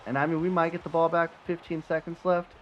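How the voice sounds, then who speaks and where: A young man giving casual, animated commentary over a football video game, cursing and swinging between frustration and excitement. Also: on the high side, quick pace. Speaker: gaming commentator. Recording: slightly dull sound, faint background noise.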